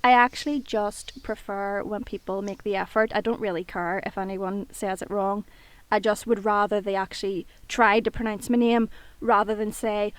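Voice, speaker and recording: Expressive Northern Irish woman, dry sound. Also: medium pitch, moderate pace, dry recording. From Northern Ireland. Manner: expressive, swears casually. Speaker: podcast co-host. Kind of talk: casual chat.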